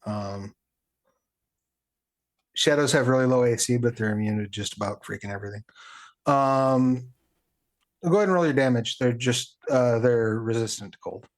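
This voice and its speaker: A man acting as game master for a tabletop game, relaxed, chuckling often as he narrates and sorts out rules. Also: mid-range voice, moderate pace, pauses often. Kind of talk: running a tabletop game over stream.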